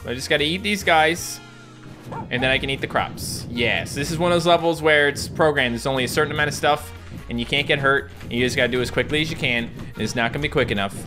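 A young man hosts a let's play, talking fast in a mid-range voice with music in the background. His game commentary is casual, and he rambles off into asides to his viewers.

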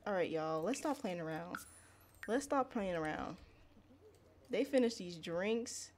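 A woman hosting a Let's Play, chatting excitably to viewers in casual gameplay commentary. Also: fairly low pitch, a little slow, pauses often.

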